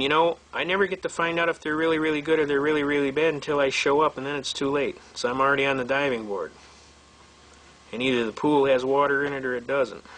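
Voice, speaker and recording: A man's voice: on the high side, a bit bright. A man teaching a seminar, telling courtroom stories in a folksy, blunt way and acting out the people he quotes. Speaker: seminar instructor. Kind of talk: lecture told through courtroom anecdotes.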